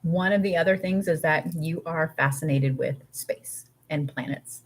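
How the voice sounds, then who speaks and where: A low-pitched woman co-hosts a relaxed live stream, talking in a loose, rambling way full of fillers and restarts. She sounds tired and talks between bites of food. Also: unhurried, slight background noise. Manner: talks while eating. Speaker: co-host. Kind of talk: casual spiritual live stream.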